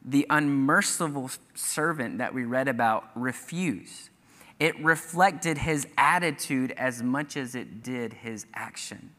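Man, pastor, earnest sermon, bright forceful tone, echoing church hall. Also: mid-range voice, takes it slowly. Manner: earnest preaching, reads scripture aloud with emphatic rises. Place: church sanctuary.

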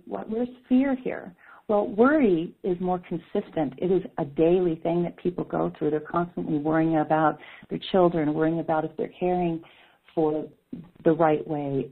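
A woman's voice: lowish voice, vocal fry, breathy edge. A woman giving an earnest teaching presentation at an online caregiver summit, repeating key words for emphasis. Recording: phone-line telesummit audio.

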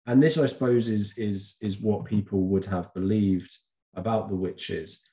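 A man's voice: lowish voice, measured pace, warm tone. A man talking through a casual revision lesson, chatty and loose, with frequent ums and self-corrections as he explains to the camera. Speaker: teacher. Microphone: camera recording.

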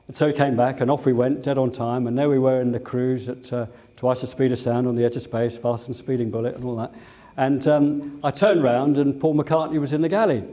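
Older english guy, ex pilot, chatty anecdotes with lots of uhs, warm low tone. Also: steady tone, fairly quick. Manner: anecdotal, fond storytelling with fillers. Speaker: guest speaker, former airline captain. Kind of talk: museum talk. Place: museum lecture room.

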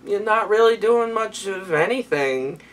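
A man's voice: high-pitched, expressive, unhurried, far from the mic. A tipsy young man rambling through a recap, stammering and restarting his sentences. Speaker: vlogger recapping an anime. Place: small warm room indoors.

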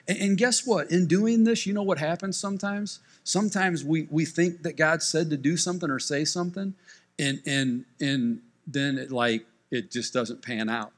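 A man's voice: on the high side, steady tone, moderate pace. A man preaching to his congregation as pastor, talking conversationally and often restarting his sentences. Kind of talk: sermon with personal storytelling. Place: church service.

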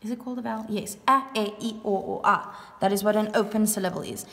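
A woman's voice: medium pitch, creaky, a bit bright. Patient woman teacher in an echoey room. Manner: patient, repeats and spells words out slowly. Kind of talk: online grammar lesson for young pupils. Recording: echoey room with long reverb.

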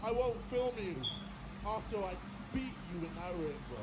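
A man giving an aggressive, taunting trash-talk speech at a press conference, shouting insults. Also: high voice, expressive, moderate pace. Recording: noisy press conference audio.

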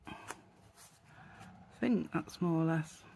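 Husky woman rambling through a craft tutorial. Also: low voice, lively intonation, takes it slowly, dark tone. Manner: rambling, thinks aloud and corrects herself. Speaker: craft channel host.

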